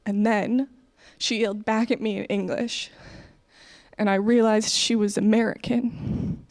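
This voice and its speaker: A woman playing a glum, emotionless Dutch man who complains in a flat monotone. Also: medium pitch, a little slow, dry recording, studio quality, lightly acted.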